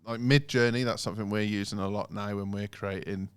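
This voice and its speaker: A man co-hosting a casual podcast, animated and lively, breaking into mocking imitations of automated phone messages. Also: lowish voice, brisk, clear, resonant tone, no echo. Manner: animated, mimics phone recordings in sing-song voices. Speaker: podcast co-host.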